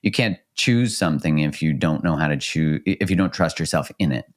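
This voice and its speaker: A man's voice: a bass voice, lively intonation, a little fast. A man in his thirties, a podcast guest and relationship coach, talking in casual chat in a reflective, earnest way and laughing easily.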